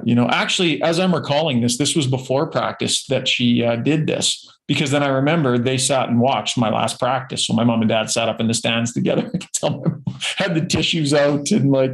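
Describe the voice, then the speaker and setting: A man with a mid-range voice tells a personal story in a relaxed, chatty way. He is a guest in a casual interview and often slips into the voices of the people he quotes. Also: medium pitch, creaky, poor audio. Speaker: guest, former hockey player.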